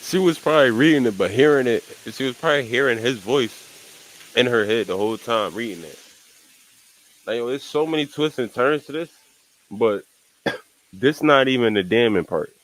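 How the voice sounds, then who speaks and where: A man's voice: mid-range voice, lively intonation, normal speed, long pauses, a bit bright, a little hiss or hum, poor audio. A young man streaming casual reaction commentary, rambling in slang, repeating "you know what I'm saying" and laughing at asides.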